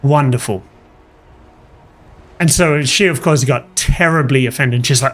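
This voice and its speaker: A man's voice: mid-range voice, measured pace, long pauses. Chatty man storytelling over gameplay. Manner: chatty, animated anecdote-telling over gameplay. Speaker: gaming channel host. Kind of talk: casual commentary with storytelling.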